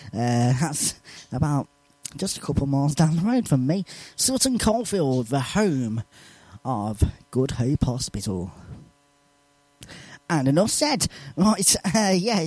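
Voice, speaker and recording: A chatty male radio host reads listener shout-outs live on air. His voice sits high and swings widely in pitch. The studio sound is close and dry. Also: a little slow, no room sound. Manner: chatty, animated, laughs between lines. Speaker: radio presenter.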